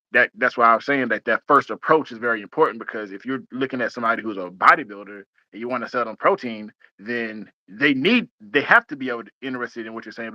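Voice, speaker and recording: A man hosting a casual podcast chat, talking fast and excitedly, often repeating words as he restarts. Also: mid-range voice, dry recording, lo-fi sound. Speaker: podcast host.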